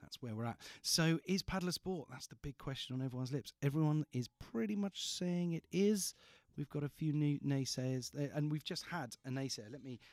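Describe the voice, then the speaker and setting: A man's voice: a little high, normal speed, darkish tone, no echo. A male radio host in casual chat, rambling and playful, often restarting his sentences in a studio.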